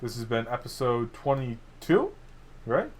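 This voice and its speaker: A man co-hosting a podcast in casual chat, relaxed and joking, laughing often. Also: medium pitch, a little slow. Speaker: podcast co-host.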